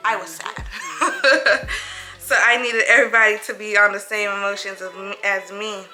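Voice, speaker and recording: A young woman vlogger telling a personal story in a casual, animated way, acting out what people said. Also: medium pitch, moderate pace, faint music behind, low-quality recording. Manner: animated, dramatic retelling that acts out quoted voices.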